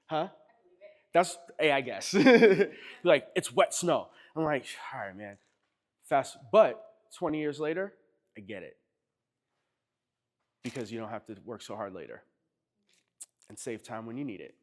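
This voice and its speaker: A man's voice: mid-range voice, very animated, measured pace, long pauses. A man with an East Coast American accent, a chiropractor telling stories casually to a workshop group, chatty and often laughing as he acts out quotes. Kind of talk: casual storytelling to a live group.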